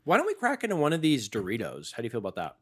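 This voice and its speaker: A man's voice: medium pitch, wildly swooping pitch, very fast, fairly bright tone, breathy edge. A young man co-hosting a snack-tasting podcast, chatting casually and joking around with frequent laughs. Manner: playful, jokey, laughs often. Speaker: podcast co-host.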